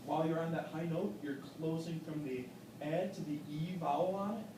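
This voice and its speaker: A man with a somewhat high voice gives an encouraging masterclass critique, explaining things patiently and pausing on "um"s. He is picked up from across an echoey recital room. Steady background noise sits under his voice. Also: distant mic. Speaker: vocal adjudicator.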